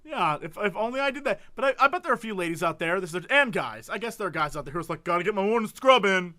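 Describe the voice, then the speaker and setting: A man's voice: sits high, lively intonation, quick pace, bright, forceful tone. A man co-hosting a comedy podcast, joking around and breaking into giggles often. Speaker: podcast co-host. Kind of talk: casual comedic banter.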